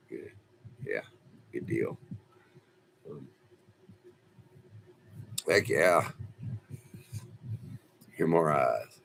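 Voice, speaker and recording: A man's voice: very deep voice, animated, extremely slow, creaky, pauses often, fairly bright tone, a little hiss or hum. A man telling a rambling, folksy story on a casual livestream, laughing often. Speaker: livestream host. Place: off-grid home.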